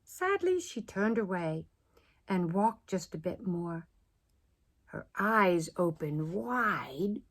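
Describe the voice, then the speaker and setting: Expressive woman reading a picture book aloud. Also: on the low side, slow. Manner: expressive, often dropping to a whisper. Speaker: preschool teacher.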